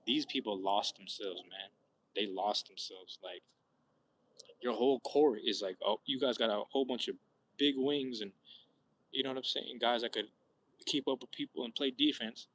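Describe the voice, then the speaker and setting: A young man chatting casually on a live stream, rambling loosely in slang with frequent swearing and sudden animated outbursts. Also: medium pitch, fairly quick, rough recording. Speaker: vlogger chatting with live viewers. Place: outdoors at sunset.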